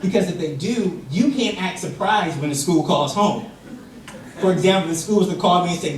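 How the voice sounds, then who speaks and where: A young man giving a humorous contest speech, telling an animated story and acting out voices. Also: sits high, moderate pace. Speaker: contest speaker. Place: large hall with audience. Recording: distant mic in echoey hall with audience.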